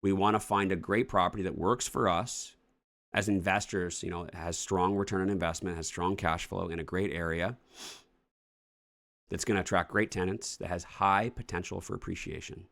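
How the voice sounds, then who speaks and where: A man's voice: sits low, steady tone, normal speed, creaky, a bit bright. A man coaching on real estate investing in casual morning-show talk, blunt and swearing freely as he acts out offers to a seller.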